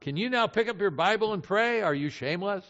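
A man voicing a sly male devil who taunts and coaxes with sharp rhetorical questions. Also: high voice, animated, fairly quick, voice pushed up. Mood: taunting. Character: sly tempting male devil, accusing and coaxing. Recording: dull hall recording with long reverb.

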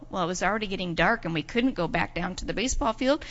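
A woman telling a children's story in church, animated and expressive, putting on voices for the people in her tale. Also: quick pace, hardly any pauses. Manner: expressive, acts out voices with big pitch jumps. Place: church sanctuary. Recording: dull sound in a reverberant church hall.

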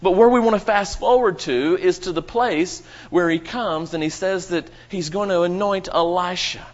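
Man, preacher, sermon, fairly high voice, dramatic swells, addresses the congregation. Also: normal speed, lo-fi sound. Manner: dramatic, rising and falling emphasis, addresses congregation.

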